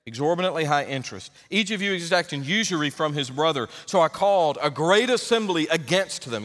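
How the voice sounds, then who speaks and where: A male pastor delivering an emphatic sermon, rising to loud exhortation. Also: fairly high pitch, lively intonation, fairly quick, few pauses, in a large hall.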